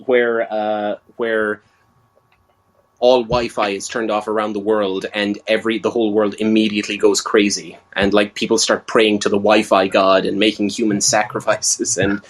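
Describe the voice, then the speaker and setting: Guy with a lowish voice rambling on a movie podcast, lots of uhs and restarts, earnest and chatty. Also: level tone, moderate pace. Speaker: podcast co-host. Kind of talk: casual movie review chat.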